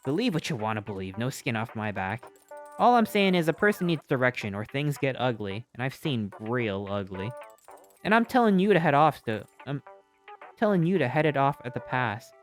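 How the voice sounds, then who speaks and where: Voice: mid-range voice, sing-song, normal speed, faint music behind, natural voice. A streamer voicing a blunt, cagey old woman shopkeeper who lectures in folksy talk. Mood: gruff.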